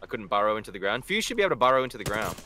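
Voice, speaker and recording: Brief: quick, lively male voice actor joking through a game. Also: on the low side, slight background noise. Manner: fast, joking and playful. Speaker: voice actor guest. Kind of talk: casual gameplay chat.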